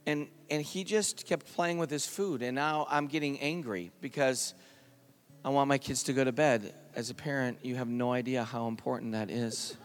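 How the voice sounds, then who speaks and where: Earnest worship leader in a reverberant hall. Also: male voice, medium pitch, normal speed. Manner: earnest, drops to a hushed tone at emotional moments. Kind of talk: storytelling sermon at a worship service. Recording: live hall reverb with guitar music.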